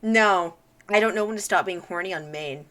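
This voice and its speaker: A woman's voice: lowish voice, normal speed, crowd noise. A young woman streamer chatting casually on a call, joking and telling rambling stories.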